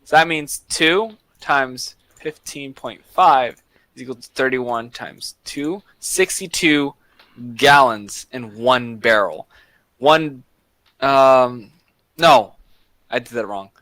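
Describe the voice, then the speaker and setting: A man's voice: medium pitch, takes it slowly, pushed and bright, no echo. A man playing a tabletop game, haggling in character and stumbling through sums aloud. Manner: bargaining, stumbling over sums. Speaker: player. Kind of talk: tabletop role-play chat.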